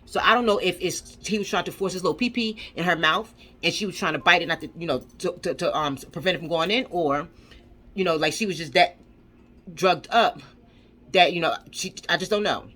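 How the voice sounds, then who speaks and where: A woman's voice: lowish voice, brisk, pushed and bright. A woman vlogger ranting angrily, swearing and firing off rhetorical questions with lots of repetition. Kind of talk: angry commentary rant.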